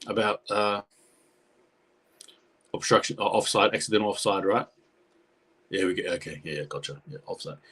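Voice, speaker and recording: A man's voice: lowish voice, moderate pace, pauses often, slightly rough. A man giving chatty live reaction commentary on a rugby league match, talking to his viewers. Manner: chatty, excitable, talks to viewers.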